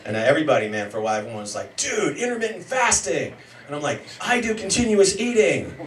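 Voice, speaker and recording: A man in his forties doing a self-deprecating stand-up comedy set, yelling during some bits. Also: on the low side. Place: comedy show in a homemade bar. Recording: roomy, mic heard from a distance, noisy room.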